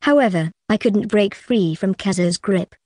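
A woman reads a first-person novel aloud at a steady, even pace. Her pitch sits at a middle level. The recording is close and dry, with no room sound. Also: normal speed, dry recording. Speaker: audiobook narrator.

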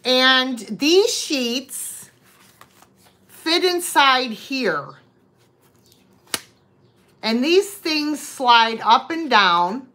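Lively high-voiced woman selling live. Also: extremely slow, pauses often. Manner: chatty, greets viewers by name. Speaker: online vintage seller. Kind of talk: live-stream sale chat.

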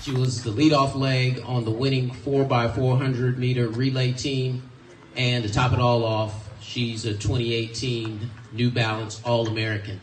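Flat-voiced man in a roomy space. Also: mid-range voice, measured pace. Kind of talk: casual introduction and filming banter. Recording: roomy, a little distant, faint hiss.

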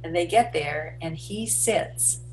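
A woman with a notably low voice, talking as a guest in an interview. She tells her stories in an animated way, often restarting a phrase before going on. Her delivery is warm in content and steady as a parenting expert. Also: slow pace, a little hiss or hum. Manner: animated storytelling with many restarts. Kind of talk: interview conversation.

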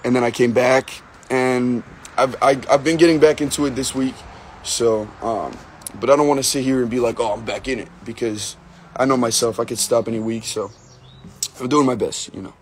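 A young American man with a medium-pitched voice and fairly even intonation chats casually on a livestream at a moderate pace, with slight background noise. He rambles, jokes, swears and uses lots of filler while reading comments.

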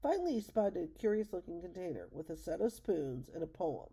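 Older grandma reading a kids' story aloud, gentle and measured, mellow voice. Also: female voice, on the low side, very animated, slightly rough. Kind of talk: read-aloud storybook narration.

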